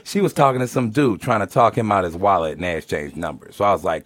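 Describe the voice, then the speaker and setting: A man telling a comic story to friends, animated and slangy, often breaking into laughter. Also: deep voice, a little fast, few pauses, no room sound. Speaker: storyteller reading a thread to friends.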